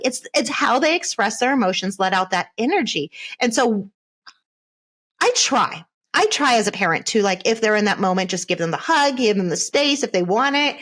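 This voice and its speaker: A woman's voice: fairly high pitch, fairly bright tone. A woman hosting a podcast interview, reflective and thinking aloud as she talks. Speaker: podcast host. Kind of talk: conversational interview.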